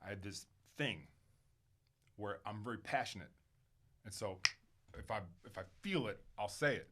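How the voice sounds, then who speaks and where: Emphatic, candid man, fairly low voice. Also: moderate pace, slight background noise. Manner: emphatic, swings from loud and animated to quiet and reflective; swears casually, lots of fillers. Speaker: podcast guest, physician. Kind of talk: candid conversational interview.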